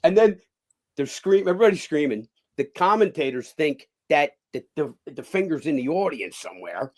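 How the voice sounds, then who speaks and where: A man, a former boxer and cut man, telling animated stories as a guest in a casual interview and swearing freely. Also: fairly high pitch, fairly quick. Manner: animated storyteller who acts out other people's lines and swears freely.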